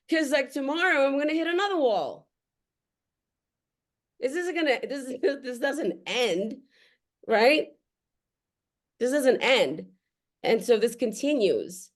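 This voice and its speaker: A woman's voice: high voice, animated, takes it slowly, long pauses. A middle-aged woman talking candidly to the camera as a mother addressing other parents, blunt and profane, often laughing between phrases. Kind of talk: candid unscripted talk to camera. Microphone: camera facing her.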